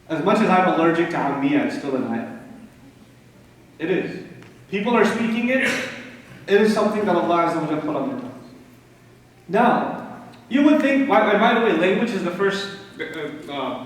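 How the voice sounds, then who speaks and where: A man from Pakistan giving an animated religious lecture, emphatic and full of rhetorical questions and dry humor. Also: high voice. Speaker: Islamic lecturer. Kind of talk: lecture to a live audience. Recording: echoey hall recording from far off.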